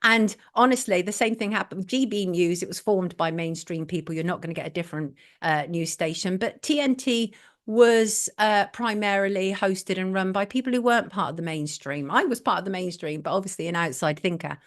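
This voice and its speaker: Speaking a little fast at medium pitch, this English host in middle age runs a live online talk show. She reads viewers' messages aloud and hammers her opinions home bluntly, saying them more than once.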